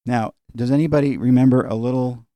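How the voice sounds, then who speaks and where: Brisk and steady, a middle-aged man with a dark, medium-pitched voice teaches an informal Bible study laced with personal stories. He talks casually, digresses, uses fillers, and chuckles now and then, with no echo on the recording.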